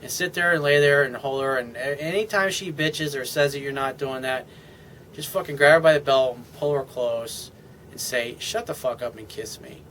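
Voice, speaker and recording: A man's voice: mid-range voice, normal speed, fairly bright tone, a little hiss or hum. A man giving casual, unscripted dating advice as a relationship coach, speaking bluntly and swearing freely. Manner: blunt and profane, talks straight to the listener.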